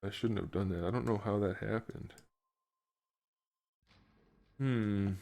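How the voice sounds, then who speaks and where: Low-voiced man muttering while he works. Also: fairly even intonation, slow pace, vocal fry, a little mellow. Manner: muttering to himself, thinking aloud; joking asides to viewers. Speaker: action figure maker streaming his work. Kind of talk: casual live-stream chat while working.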